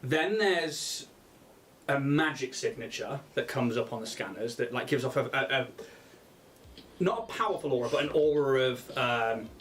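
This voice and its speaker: A man's voice: mid-range voice, lively intonation, moderate pace, fairly bright tone, slight background noise. A man narrating a tabletop game as game master, rambling and often laughing.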